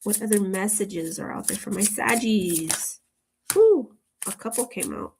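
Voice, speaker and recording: A woman's voice: mid-range voice, measured pace, creaky, a little mellow, a little hiss or hum. Woman, casual tarot reading, chatty, rambling, frequent laughs. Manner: rambling, laughs often between remarks; chatty, drifts into tangents. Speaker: tarot reader.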